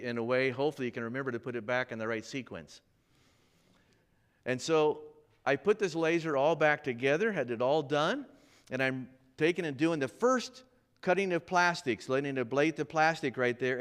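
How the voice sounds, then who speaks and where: A man's voice: mid-range voice, moderate pace, smooth. A man preaching a sermon, telling a personal story and acting out the voices of the people in it. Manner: animated, acts out quoted voices. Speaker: pastor. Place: church.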